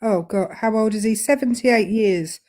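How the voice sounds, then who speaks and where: A woman's voice: medium pitch, moderate pace, a little mellow. Wry woman cutting in with remarks. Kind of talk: talk show commentary.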